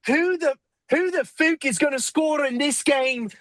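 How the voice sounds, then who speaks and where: Man as brash Irish pub guy, high, shouty, dry podcast mic. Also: a little slow, no room sound. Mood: rowdy. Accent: put-on Irish. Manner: shouting, swearing, emphatic. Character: rowdy foul-mouthed Irish man, adult.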